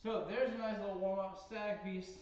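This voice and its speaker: A man's voice: sits high, steady tone, brisk. A man leading a workout who counts out holds and coaches while he exercises, and is a little out of breath. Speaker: fitness instructor. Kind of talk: guided workout instruction. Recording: echoey, distant, dull, faint noise.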